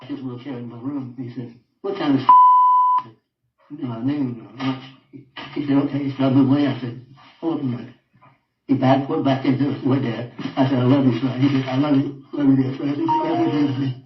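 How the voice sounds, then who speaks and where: A man's voice: little pitch movement, dull audio, background noise. Older man, distant echoey roomy audio. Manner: halting, repeats phrases, often low and quiet. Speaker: interviewed father. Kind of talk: personal account in a live interview.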